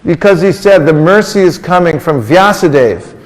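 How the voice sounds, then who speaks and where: A man's voice: a little high, expressive, normal speed. A man giving an interactive sermon to a group, coaxing the audience into call-and-response answers in a playful, teasing way. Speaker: religious teacher. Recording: long reverb of a large hall.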